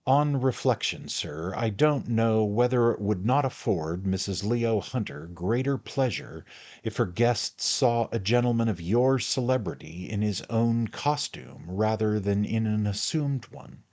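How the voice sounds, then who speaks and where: A man voicing a grave, pompous gentleman host who speaks in an effusive, flattering way. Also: lowish voice, a little slow, pitched above the performer's own voice. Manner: effusive, formal, fawning.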